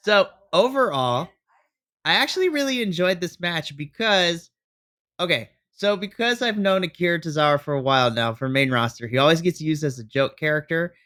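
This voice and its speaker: Man, American accent, casual wrestling recap, enthusiastic, bright tone. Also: a little high, lively intonation, moderate pace. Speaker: podcast co-host.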